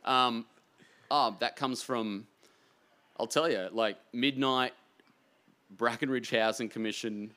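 A man with an Australian accent, an author telling heartfelt stories in an earnest, rambling way that swings between hushed and animated. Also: mid-range voice, slow, pauses often. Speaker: author guest. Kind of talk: emotional anecdotal storytelling.

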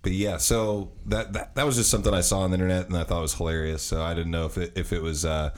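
Deep-voiced laid-back podcast host. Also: male voice, little pitch movement, fast. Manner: rambling, restarts often, laid-back. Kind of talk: casual podcast chat.

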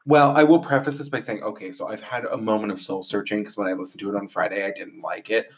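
A woman hosting a casual chat with friends, opinionated and quick to laugh. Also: rumbling low, steady tone. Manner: chatty, opinionated, laughs often.

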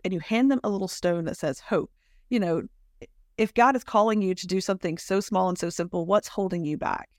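A woman's voice: medium pitch, fairly quick, no room sound, clean studio sound. A woman hosting a faith-centered chat, emphatic and affirming, asking rhetorical questions. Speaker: podcast host.

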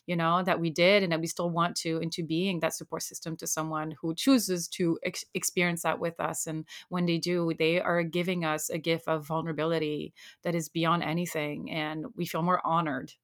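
Earnest reflective woman, slightly low voice. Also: level tone, normal speed, a bit bright. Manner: earnest and reflective, laughs readily. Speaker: life coach, podcast guest. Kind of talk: casual heartfelt podcast chat.

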